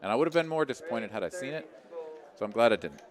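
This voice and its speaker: A man's voice: medium pitch, very animated, fast talker. A man doing chatty live poker play-by-play, laughing often and trailing off into fillers, with card room crowd noise behind. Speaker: poker commentator. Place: commentary booth at a card room.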